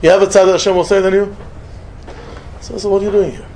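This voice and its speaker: A man giving a sermon, telling a story and mixing in Hebrew and Yiddish phrases, jumping between loud emphatic lines and soft murmured asides. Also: high voice, level tone, quick pace, a little hiss or hum. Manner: peppers English with Hebrew and Yiddish words, short repeated phrases. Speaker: rabbi giving a talk.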